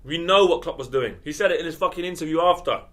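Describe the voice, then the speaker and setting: A man trades teasing football banter. His voice sits slightly high, and he tells stories in an animated way. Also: fast. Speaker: panel regular.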